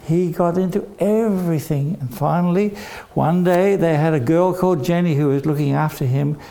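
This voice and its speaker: An older man telling a dramatic story to children, animated and acting out the voices. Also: a little high, normal speed, vocal fry. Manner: animated, acts out voices with shouts.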